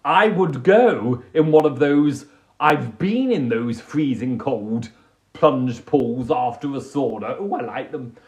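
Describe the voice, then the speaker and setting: A man hosting a casual livestream, telling stories in an animated, theatrical way on a phone microphone. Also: medium pitch, slow. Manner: animated, theatrical storytelling with put-on voices. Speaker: livestream host.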